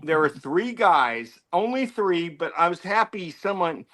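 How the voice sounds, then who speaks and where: A man's voice: sits high, expressive, a little slow, sharp tone. An American man co-hosting a podcast, chatting casually in a rambling, self-mocking way with plenty of swearing. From United States. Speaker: podcast co-host. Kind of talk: casual banter.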